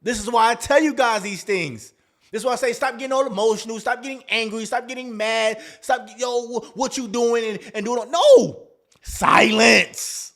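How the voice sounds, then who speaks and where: A man's voice: very high-pitched, moderate pace, sharp tone. A man hosting a dating advice talk, in a casual, slangy monologue that acts out quoted lines.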